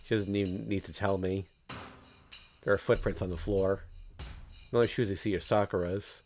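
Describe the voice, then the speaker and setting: A man's voice: sits low, steady tone, moderate pace, a little mellow, slight background noise. A male streamer reading a visual novel aloud in first person, with casual joking asides.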